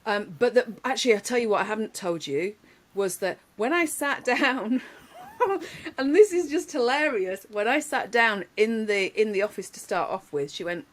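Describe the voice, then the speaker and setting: A woman, telling lively anecdotes in casual podcast chat, laughing often. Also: medium pitch, normal speed. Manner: animated storyteller, laughs often, many restarts. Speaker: podcast guest.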